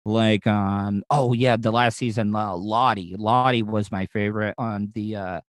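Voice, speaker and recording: A man's voice: on the low side, steady tone, measured pace, no echo. Rambling, jokey man host. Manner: rambling, stammering restarts, jokey. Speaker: radio interview host. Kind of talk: casual interview chat.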